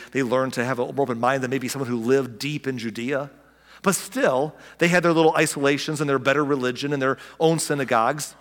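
A man's voice: mid-range voice, fairly bright tone. Preaching man, voice ringing through a hall. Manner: conversational preaching with rhetorical questions and direct address. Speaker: pastor. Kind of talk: sermon.

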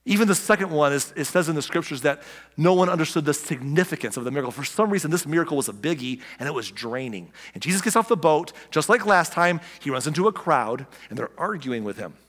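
Animated joking preacher guy, talks kinda high, long echo in the room. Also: fast. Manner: animated, joking, acts out quotes. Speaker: pastor. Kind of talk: conversational sermon. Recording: long hall reverb.

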